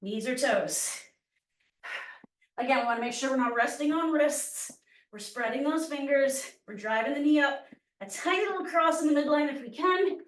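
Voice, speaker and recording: A woman's voice: high voice, lively intonation, moderate pace. A woman fitness instructor leading a workout class, cueing moves and counting down reps while out of breath. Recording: echoey room, voice from far off mic.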